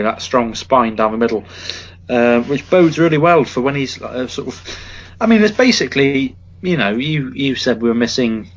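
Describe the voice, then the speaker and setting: A man of middle pitch co-hosting a casual podcast, who rambles along with plenty of ums and restarts. The audio sounds dull and lo-fi, its top end rolled off. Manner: rambling, many fillers and restarts. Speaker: podcast co-host. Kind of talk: casual football chat.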